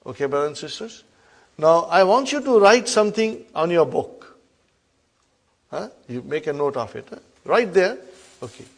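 Man, grammar teacher, slightly high voice, loud stress on key words then quiet drops, repetitive drilling. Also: big pitch swings, moderate pace, gravelly, pauses often. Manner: repetitive call-and-response drilling, frequent check-ins; emphatic, loud rises on key terms then soft drops. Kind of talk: classroom lesson.

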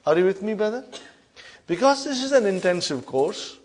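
A man's voice: sits high, animated, moderate pace. Emphatic male Arabic grammar teacher. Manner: repetitive call-and-response drilling, frequent check-ins; emphatic, loud rises on key terms then soft drops. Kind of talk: classroom lesson.

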